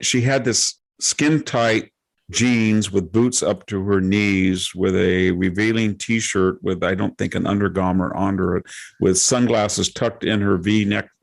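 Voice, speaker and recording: A man with a low, gravelly voice tells a long anecdote on a podcast. He rambles, breaks off mid-sentence and circles back. His tone stays in an unhurried conversational groove. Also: steady tone. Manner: rambling, self-interrupting anecdote with acted quotes. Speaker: podcast host.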